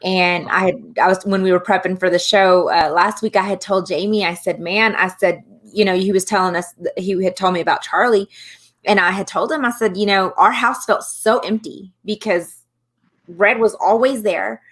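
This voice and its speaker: Woman, co-host, relaxed, rambling, middle pitch. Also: moderate pace. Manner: relaxed, rambling, lots of fillers. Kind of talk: casual chat.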